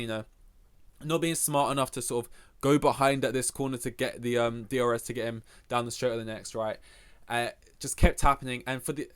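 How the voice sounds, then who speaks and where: Young man ranting with constant swearing. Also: medium pitch. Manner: heavy swearing, rambling, animated rants. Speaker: podcast host. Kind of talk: casual opinionated sports chat.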